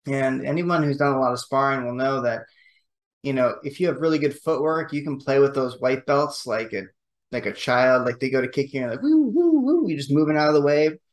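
A man with a mid-range voice co-hosts a podcast in casual chat. He talks in an animated way and acts out the examples he describes. He is easy to follow. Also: medium pitch.

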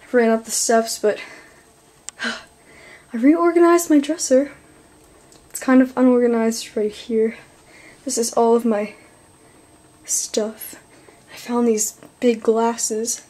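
A teenage girl in her bedroom, chatting to her camera in a rambling, excitable vlog while out of breath. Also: on the high side, slow pace, pauses often. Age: teens. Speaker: vlogger. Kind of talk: casual vlog chat.

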